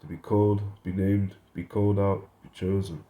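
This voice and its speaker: A man's voice: low-pitched, flat delivery, moderate pace, warm tone. A man giving an informal Bible study lesson, reading verses and word definitions aloud, thinking aloud and correcting himself as he goes. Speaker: Bible teacher.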